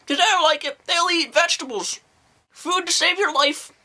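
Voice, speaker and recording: A woman's voice: very high voice, moderate pace, pushed and bright, poor audio. A woman playing an eccentric, creepy old nun who rambles through a folksy, exclamatory movie review as a comedy monologue. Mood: rambling. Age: older.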